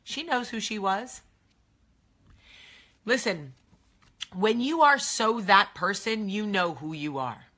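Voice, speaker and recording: A woman's voice: medium pitch, expressive, slow pace, pauses often, bright, forceful tone. A woman with a New Jersey accent hosting a casual chat to camera. She talks in a confiding way and keeps drifting into asides. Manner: chatty and confiding, trailing off into asides. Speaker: host.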